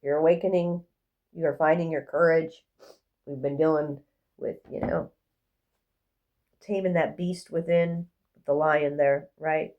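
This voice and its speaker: A woman giving a casual, rambling tarot reading in a gentle, affirming way. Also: low-pitched, steady tone, a little slow, pauses often, dull audio. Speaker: tarot reader.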